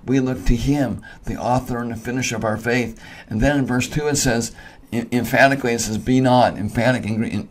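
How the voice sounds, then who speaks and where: Male preacher, mid-range voice, earnest sermon delivery full of restarts and "amen?" asides. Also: mid-range voice. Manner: repeats words and restarts often, earnest and emphatic; asks the listener "amen?" often. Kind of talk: recorded sermon teaching.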